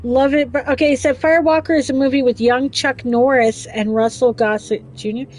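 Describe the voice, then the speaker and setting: A woman's voice: high-pitched, fairly even intonation, a little fast, a little mellow, rough recording. A woman hosting a casual livestream chat, talking chattily, giggling often and reading chat messages aloud. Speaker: livestream host.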